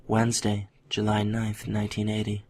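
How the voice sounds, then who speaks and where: Quiet, deadpan man. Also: on the low side, normal speed. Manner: quiet, deadpan and matter-of-fact. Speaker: comedy guest. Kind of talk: comedic podcast bit.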